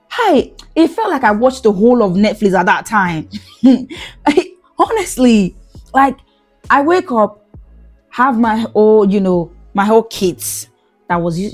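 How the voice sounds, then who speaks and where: Young nigerian woman on her podcast, animated, laughs a lot, bit of music in the back. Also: medium pitch. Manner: animated, exclamatory, laughs often. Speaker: podcast host. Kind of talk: casual storytelling chat.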